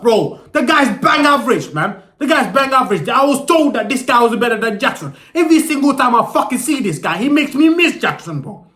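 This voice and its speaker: A man's voice: extremely high pitch, sharp tone. A young man ranting angrily as a football fan, swearing a lot, stuttering and repeating his words. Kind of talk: angry fan rant. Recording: echoey room.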